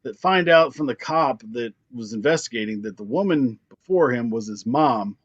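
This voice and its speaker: A man's voice: mid-range voice, moderate pace, no echo, muffled recording. A young man from Pennsylvania, a drummer, telling a story in casual chat, laughing often and acting out the voices of people in it. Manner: animated, laughs often, acts out quoted lines. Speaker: band drummer, guest.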